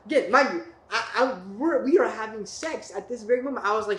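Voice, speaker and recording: A man's voice: high-pitched, fast, few pauses, a bit bright. A young man telling a long story in casual podcast chat, rambling with lots of restarts and "right?" tags. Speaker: podcast guest. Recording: echoey room with faint noise.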